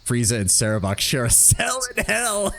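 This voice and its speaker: A man's voice: mid-range voice, wildly swooping pitch, normal speed, creaky, background noise. A man commentating on a game live, casual, laughing often and swearing freely. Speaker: streamer playing a game.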